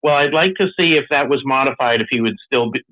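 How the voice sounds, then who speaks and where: A man's voice: mid-range voice, quick pace, dull audio. A man joining a casual podcast debate, who restarts and repeats words as he builds his point. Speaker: podcast guest.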